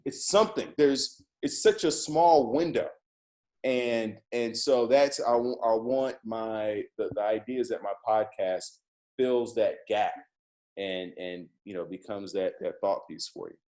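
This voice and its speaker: A man's voice: fairly low pitch, unhurried, darkish tone. A man talking as a guest on a podcast, a coach speaking casually with many restarts and fillers. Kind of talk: casual interview chat.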